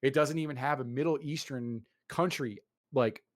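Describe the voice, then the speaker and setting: Male host, mid-pitched, ranting loosely about games, cursing freely. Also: moderate pace. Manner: animated ranting, swearing, lots of fillers. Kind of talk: casual chat.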